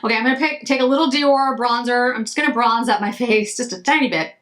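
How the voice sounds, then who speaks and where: A woman's voice: on the high side, fast, a bit bright. Chatty woman rambling through a makeup try-on. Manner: chatty, rambling, self-interrupting. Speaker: beauty vlogger. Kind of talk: casual makeup chat to camera.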